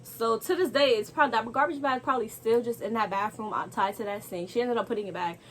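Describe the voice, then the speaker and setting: A young woman telling a casual storytime to camera, animated and exasperated, throwing rhetorical asides to viewers. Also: fairly high pitch, fast, a little hiss or hum.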